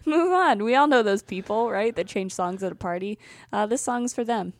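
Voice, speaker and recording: A woman co-hosting a music review podcast, chatty and animated, laughing often. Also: a little high, moderate pace, dry recording. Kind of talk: casual music review chat.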